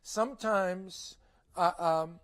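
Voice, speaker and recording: A man's voice: high-pitched, slow pace. A middle-aged man presenting at a conference, lecturing parents in a conversational way, often asking rhetorical questions and checking in with "okay?".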